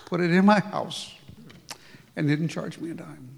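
Gravelly man telling a church testimony. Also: a little high, unhurried. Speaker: congregation member. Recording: long reverb of a church hall.

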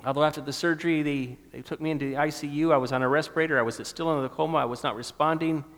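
A man in his fifties telling a personal testimony in sermon style, emotional and storytelling, dropping softer at tender moments. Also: a little high, steady tone, rapid-fire, big-room sound. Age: 50s. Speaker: speaker giving a testimony.

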